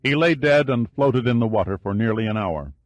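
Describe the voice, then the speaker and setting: A man narrating an audiobook in a measured, steady reading style. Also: medium pitch, no room sound. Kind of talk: scripted narration.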